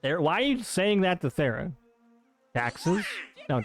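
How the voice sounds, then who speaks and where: A man's voice: high-pitched, very animated, unhurried, soft background music. A man streaming a game live, bantering and joking with his chat in a playful, teasing way.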